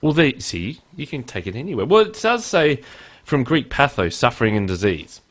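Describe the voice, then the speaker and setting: Lively, joking male podcast host. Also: medium pitch, normal speed. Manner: joking, self-deprecating, laughs often. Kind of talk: casual podcast chat.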